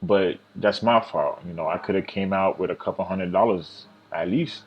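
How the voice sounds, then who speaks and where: A deep-voiced man walks through his day trades in a casual, rambling vlog. He second-guesses himself, restarts his sentences and fills the gaps with ums. The audio is dull and lo-fi. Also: moderate pace, slightly rough. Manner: rambling and self-critical, with many fillers and restarts. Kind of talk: casual trading recap vlog.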